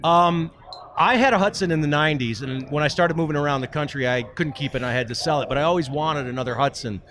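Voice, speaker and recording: A man's voice: fairly high pitch, quick pace, a bit bright. A man chatting casually as a podcast guest, a jokey, chatty storyteller.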